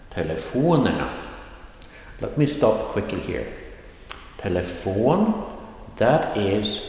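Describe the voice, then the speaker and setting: A man teaching a language lesson, reading word lists slowly and enunciating each word clearly. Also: deep voice. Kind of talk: pronunciation lesson. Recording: echoey room with long reverb.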